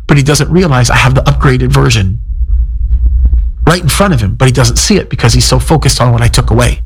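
A middle-aged man preaching a sermon as pastor, emphatic and explanatory, his voice climbing high for emphasis. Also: brisk, breathy edge, rough recording. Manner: emphatic preaching, pitch swings up when quoting.

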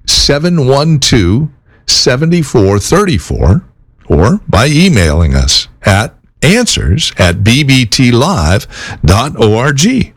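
A male radio announcer reads a scripted announcement slowly and deliberately. His pitch rises and falls a lot, and the recording is completely dry, with no room sound. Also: very animated, no room sound.

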